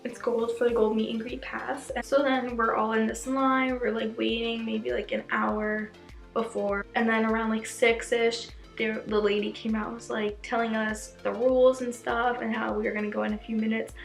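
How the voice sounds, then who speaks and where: A young woman talks to her viewers in a bubbly, gushing storytime, dropping "like" into nearly every sentence. Her voice sits a little high with a noticeable gravelly fry. The room around her is echoey, with faint music underneath. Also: normal speed. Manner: gushing, excitable, fills speech with "like". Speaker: vlogger. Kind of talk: casual storytime chat.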